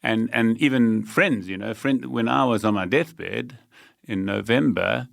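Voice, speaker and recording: A man's voice: medium pitch, a little slow, gravelly, dry recording, studio quality. A South African man, a guest telling his story in a determined, emphatic way, laughing lightly now and then. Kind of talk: conversational storytelling.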